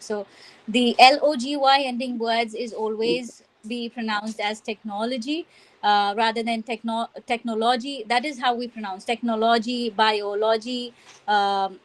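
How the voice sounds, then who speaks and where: A woman's voice: a little high, low-quality recording. A woman with an Indian English accent teaching pronunciation on a webinar video call, earnest and explanatory, with many fillers. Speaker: phonics and language trainer, guest.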